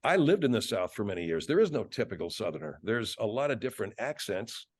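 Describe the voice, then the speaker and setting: A man's voice: lowish voice, very animated, quick pace, husky, no room sound. Reflective male voice actor, dry close mic. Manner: reflective, many restarts, slips in voices. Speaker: guest voice actor. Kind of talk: casual interview chat.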